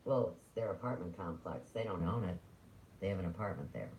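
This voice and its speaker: A man's voice: deep voice, animated, fairly quick, darkish tone, a little hiss or hum, rough recording. A man ranting on a livestream, rambling, sarcastic and full of swearing.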